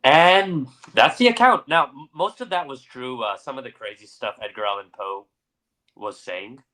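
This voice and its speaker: This podcast co-host, a young man, first narrates a story dramatically and later chats loosely, using plenty of filler words. He has a mid-range voice delivered at normal speed, with a pushed, bright quality.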